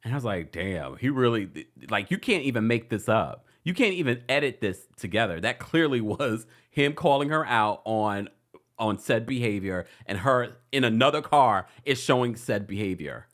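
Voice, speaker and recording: A man's voice: mid-range voice, expressive, moderate pace, a bit bright. A man hosting a casual recap stream, laughing often and reading out viewer comments. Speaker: host. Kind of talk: casual recap livestream chat.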